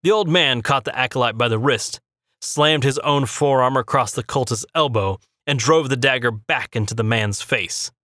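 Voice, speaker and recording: Bright, dry-voiced male narrator. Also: medium pitch, dry recording. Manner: steady, measured reading. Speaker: audiobook narrator. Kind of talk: scripted fantasy narration.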